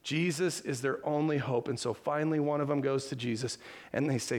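A man's voice: medium pitch, fairly even intonation, fairly quick. A man preaching a sermon in an earnest, conversational way, asking the listeners rhetorical questions. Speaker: pastor.

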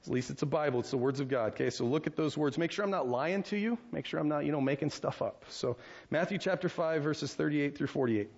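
A man's voice: a little high, quick pace, creaky, darkish tone, muffled recording. An American man preaching a sermon as pastor, conversational, with frequent restarts and rhetorical questions to the congregation. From United States.

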